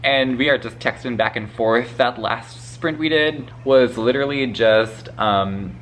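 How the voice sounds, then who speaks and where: A man's voice: mid-range voice, a little slow, fairly bright tone, slight background noise. A man chatting casually in a vlog about a book he is reading, swearing freely and laughing often. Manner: profane, gushing and laughing often. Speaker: book vlogger. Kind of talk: casual spoiler vlog talk.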